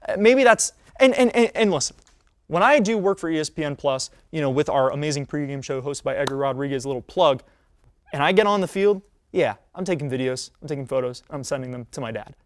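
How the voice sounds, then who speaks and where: A man's voice: on the high side, a little fast. Young man hosting a casual sports rundown. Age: 20s. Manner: casual, animated, with frequent fillers and restarts. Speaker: podcast host; college student. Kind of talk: solo sports talk rundown.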